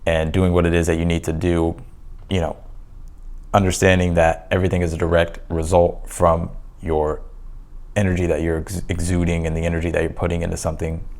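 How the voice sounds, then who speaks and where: A man giving a casual tarot reading to his viewers, loose and chatty, full of fillers and restarts, a little hoarse as he says he is losing his voice. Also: sits low, flat delivery, brisk, darkish tone. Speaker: tarot reader.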